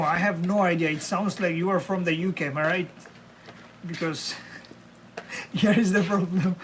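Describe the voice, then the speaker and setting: His voice sits high as he cooks and live streams from a home kitchen, chatting aimlessly with viewers he calls bro and man. A little hiss or hum is audible.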